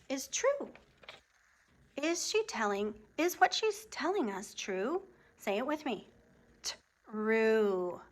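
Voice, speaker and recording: A woman teacher giving a phonics lesson to young students, speaking slowly and enunciating each word clearly while praising and prompting the class. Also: a little high, fairly bright tone. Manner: slow, clearly enunciated, encouraging teacher talk.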